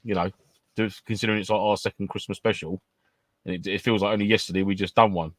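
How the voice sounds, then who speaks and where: A man's voice: lowish voice, steady tone, quick pace, dry recording. A man co-hosting a casual podcast chat, bantering and laughing often. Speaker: podcast co-host.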